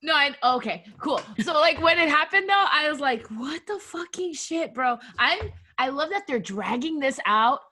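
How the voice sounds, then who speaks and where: A woman co-hosting a podcast, talking in excitable casual chat. Her high voice is bright and forceful, and she swears freely and laughs often. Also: normal speed, few pauses. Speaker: podcast co-host.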